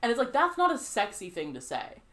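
A woman's voice: on the high side, fairly quick. A woman co-hosting a podcast in casual chat, rambling with many fillers and acting out quoted reactions. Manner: rambling, filler-heavy, animated quoting. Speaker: podcast co-host.

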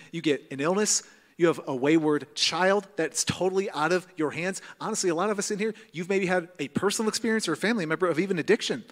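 A pastor in his thirties preaches to his congregation, his fairly high voice carrying animated, self-mocking stories. The sound rings out with the long reverb of a large church hall. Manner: self-deprecating storytelling, animated. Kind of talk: sermon. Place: church auditorium.

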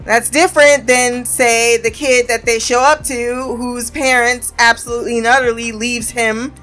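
A woman with a fairly high voice recaps a TV episode in loose, casual chat. She swears freely and keeps breaking into laughter. Faint music plays behind her. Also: moderate pace. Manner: profane, animated, laughs often. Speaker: show reviewer.

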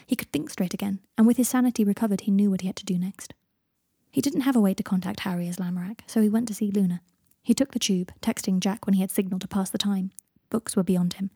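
Husky-voiced woman narrating a story. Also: mid-range voice, warm tone, no room sound, studio quality. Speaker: fan fiction reader. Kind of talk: audiobook narration.

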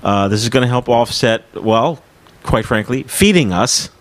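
A man's voice: mid-range voice, expressive, moderate pace. A man hosting a podcast in casual chat, rambling and full of fillers as he goes through listener mail. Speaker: podcast host.

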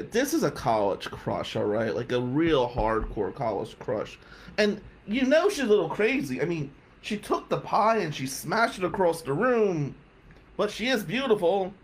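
Animated man telling a personal story. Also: fairly high pitch. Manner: animated, conversational, addresses listeners directly. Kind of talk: personal anecdote told to an audience.

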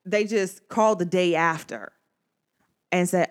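A woman's voice: lowish voice, a little slow. A woman venting to her viewers in a casual, emphatic monologue, talking straight to the camera in slangy everyday speech. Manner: emphatic, slangy and conversational, addresses viewers directly. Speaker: vlogger.

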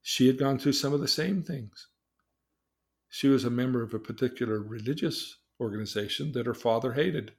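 A man's voice: mid-range voice, normal speed, a little mellow. Older male therapist telling a story. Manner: conversational, acts out dialogue in different voices. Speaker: therapist and podcast host. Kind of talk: storytelling podcast talk.

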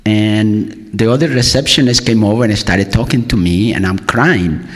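A man's voice: on the low side, normal speed, long reverb tail. A man telling a personal story in a candid, rambling, self-amused way.

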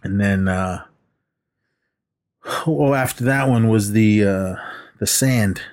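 A man's voice: fairly low pitch, slow pace, darkish tone. Rambling man casually recapping a movie. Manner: rambling and hesitant, full of fillers, acting out film lines. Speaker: podcast co-host. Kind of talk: casual podcast chat recapping films.

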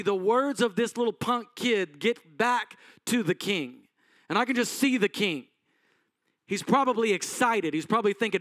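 A man's voice: sits high, moderate pace, fairly bright tone, no echo, studio quality. A male pastor preaching a sermon in a conversational storytelling manner, asking the congregation questions.

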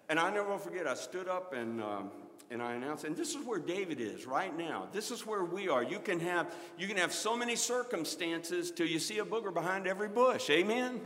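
A middle-aged man preaching a sermon, swinging between loud exclaiming and quiet storytelling. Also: sits high, a little fast, long reverb tail.

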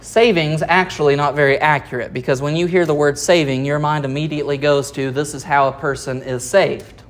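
A preacher delivers an expository sermon at a medium pitch. The preacher reads verses aloud, then explains them and asks rhetorical questions of the listeners. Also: steady tone, a little fast. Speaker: pastor.

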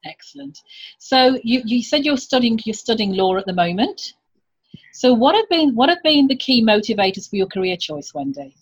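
A woman's voice: on the high side, sing-song, moderate pace, husky, low-quality recording. A woman hosting an interview show, welcoming and upbeat as she introduces and questions her guest. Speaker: podcast host.

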